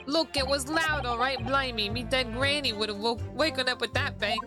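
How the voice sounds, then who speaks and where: Kobieta grająca cwaniakowatego londyńskiego zbira z cockneyowskim akcentem. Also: female voice, high voice, moderate pace, voice pushed up, natural voice. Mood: indignant. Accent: Cockney, put on. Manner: cheeky, wheedling, slangy. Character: shifty young male London street thug. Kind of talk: video game voice acting on a stream. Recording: background music.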